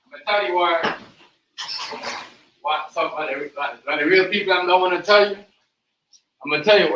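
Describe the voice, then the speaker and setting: A man's voice: fairly high pitch, fairly quick, a bit bright. A man hosting a live stream, talking loosely and repeating himself while he speaks straight to his viewers. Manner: loose, repetitive, talks to viewers directly. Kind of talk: casual livestream commentary. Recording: echoey room, far from the mic, faint noise.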